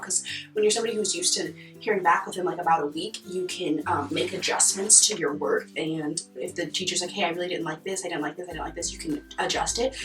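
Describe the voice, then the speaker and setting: A chatty young woman with an American accent talks straight to her viewers and slips into little acted voices for the people she quotes. Her voice sits at an ordinary pitch but sounds roomy and a little distant from the mic. Faint guitar music runs underneath. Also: a bit bright. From United States. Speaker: vlogger. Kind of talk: casual chat to camera.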